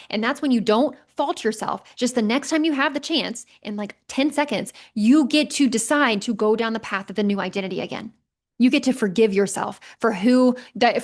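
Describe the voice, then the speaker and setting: Emphatic motivational woman podcaster. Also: a little high. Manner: emphatic, conversational, mild swearing. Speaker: podcast host. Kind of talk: casual motivational podcast monologue.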